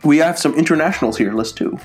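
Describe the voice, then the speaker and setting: A man co-hosting a faith podcast in a church radio studio, laid-back as he reads out listener shout-outs. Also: a little high, fast talker, faint music behind. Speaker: podcast co-host. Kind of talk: casual radio chat.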